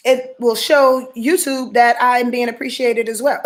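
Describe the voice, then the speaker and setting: A woman hosts a live astrology stream in a fairly high voice. She sounds like she is preaching, slangy and emphatic, cursing as she goes. She often repeats and restarts her words and fills pauses with "um" and "uh". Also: steady tone. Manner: preachy, emphatic, swears freely, slangy with "y'all". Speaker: astrology show host. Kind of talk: live-stream astrology talk, reading viewer messages.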